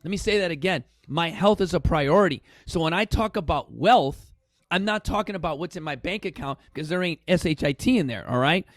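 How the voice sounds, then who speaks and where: A man's voice: fairly high pitch, a little fast, a bit bright, no echo. A man hosting a fitness talk show, speaking casually and bluntly to viewers and swearing now and then for emphasis. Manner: blunt and chatty, swears for emphasis, addresses viewers as "you guys". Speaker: fitness studio founder and show host. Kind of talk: casual motivational talk to camera. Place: fitness studio.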